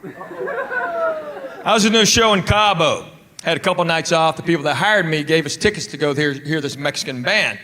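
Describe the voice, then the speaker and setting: A man's voice: a little high, huge pitch swings, moderate pace, a faint crowd. A man from Tennessee with a Southern drawl, doing a stand-up comedy set and acting out the dialogue in his stories. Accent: Southern US (East Tennessee). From Tennessee, USA. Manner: folksy drawling storyteller, acts out dialogue. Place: comedy club stage with live audience. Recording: live club recording, loud audience laughter and room noise.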